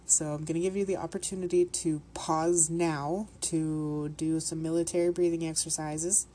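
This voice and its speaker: A woman's voice: sits low, flat delivery, moderate pace, warm tone. A Canadian woman with a slight Minnesotan lilt, hosting a podcast in casual, rambling chat, often laughing and swearing. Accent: Canadian, with a put-on Minnesotan lilt. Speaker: podcast host.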